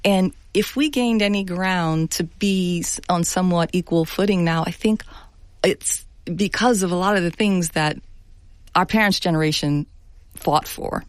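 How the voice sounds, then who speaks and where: A woman's voice: on the low side, unhurried, no echo. Earnest, reflective middle-aged woman, dry sound. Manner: reflective, earnest, laughs softly. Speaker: journalist guest. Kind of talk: radio interview.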